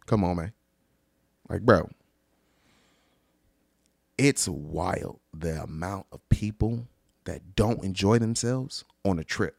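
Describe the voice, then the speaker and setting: A man casually ranting about travel stories, profane and animated, acting out the people he quotes. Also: slow, vocal fry, long pauses, no room sound, studio quality. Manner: animated, profane, acts out quoted people with big pitch jumps. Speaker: vlogger. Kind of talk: casual storytelling rant.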